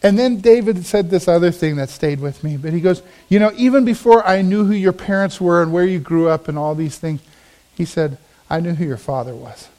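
A man's voice: high voice, brisk, warm tone. A man, a pastor, preaching a sermon, telling a personal story in an earnest, storytelling way with emphatic swells.

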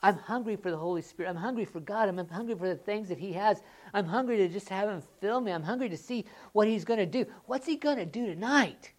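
A woman preaching a sermon in a church, moving between loud, excited rhetorical questions and quiet, earnest appeals. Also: mid-range voice, brisk, few pauses.

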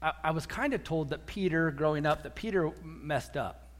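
A man preaching a sermon as a pastor, animated, acting out quotes and repeating words as he goes. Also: a little high, normal speed. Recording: echoey hall.

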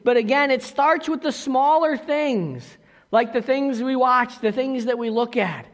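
A man's voice: very high voice, a little slow, long reverb tail. A man preaching a sermon as pastor, talking conversationally with asides and questions to the congregation.

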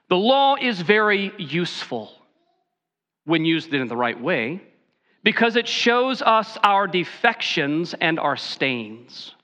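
High bright-voiced man preaching. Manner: earnest preaching with folksy asides. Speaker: pastor. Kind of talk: sermon.

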